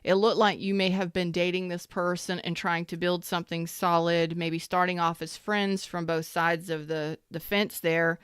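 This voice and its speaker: A woman's voice: lowish voice, little pitch movement, moderate pace, few pauses, a bit bright, clear, resonant tone, no echo, studio quality. A woman giving a casual tarot reading, repeating herself emphatically and sometimes swearing. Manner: repetitive and emphatic, swears when worked up. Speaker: tarot reader.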